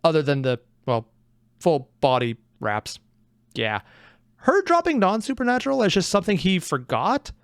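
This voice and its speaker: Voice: medium pitch, huge pitch swings, normal speed, dry recording, studio quality. A host giving casual reaction commentary to an audio drama, chatty and often poking fun at themselves. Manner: chatty and self-mocking, with frequent likes and asides.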